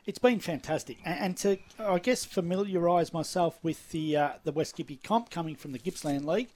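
Upbeat Australian man, slightly high voice. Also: a little fast, darkish tone. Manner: chatty and upbeat, says mate a lot. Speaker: football competition head, radio guest. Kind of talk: casual radio interview.

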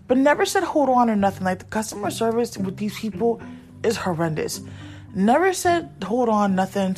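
A woman's voice: mid-range voice, expressive, fairly quick, a little mellow, soft background music. A young adult woman venting in a blunt, frustrated storytime, repeating herself for emphasis. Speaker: vlogger.

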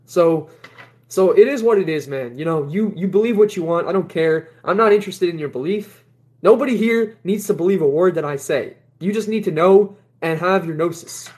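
A man's voice: high-pitched, normal speed, a little mellow. A man hosting a spiritual livestream in casual talk. He rambles, repeats his words, laughs often and sounds blunt and dismissive.

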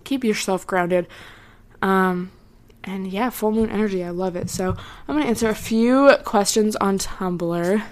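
A woman's voice: mid-range voice, a little slow. Chatty young woman podcaster. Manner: chatty, full of "like", trailing off; earnest, reassuring. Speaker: podcast host. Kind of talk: casual solo podcast chat.

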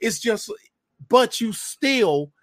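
A man's voice: very high-pitched, lively intonation, drawn-out words, fairly bright tone, dry recording, studio quality. A man in a casual chat, emphatic and slangy, talking over memories with friends.

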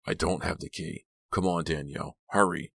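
Man reading a young guy urging a girl to run, quiet tight voice, very deep and dry. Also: fairly even intonation, moderate pace, creaky, husky, no echo, full character voice. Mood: urgent. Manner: low, tight, urgent murmur.

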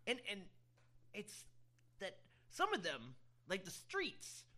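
High bright guy co-hosting a music show, loose and jokey, swears a lot. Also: wildly swooping pitch, takes it slowly. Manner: joking, rambling, swearing. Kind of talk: casual chat.

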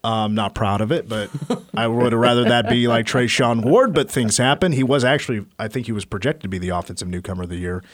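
A man co-hosting a casual sports radio show, laid-back and self-deprecating, often halting and restarting his sentences. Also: medium pitch. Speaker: sports radio co-host and stadium PA announcer. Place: radio studio.

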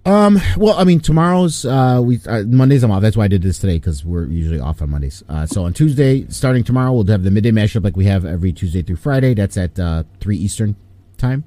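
Brief: American male guest, low mellow voice, lively pitch, rambling chat. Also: quick pace, no echo. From United States. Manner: rambling, full of fillers, animated. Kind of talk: casual chat.

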